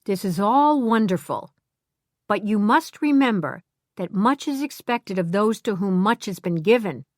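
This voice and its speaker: A woman's voice: mid-range voice, animated, a little slow, no echo, studio quality. A woman voicing a wise, kindly older lady.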